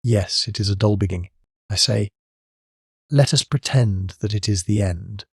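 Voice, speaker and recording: A glum storybook boy, read by a man, gloomy and resigned. He speaks in a low voice with a dry, close sound. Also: normal speed, husky, dry recording.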